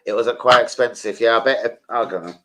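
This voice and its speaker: A middle-aged man hosts a casual football fan channel livestream, bantering with viewers in an animated, sweary way. His medium-pitched voice is brisk, and the audio is poor.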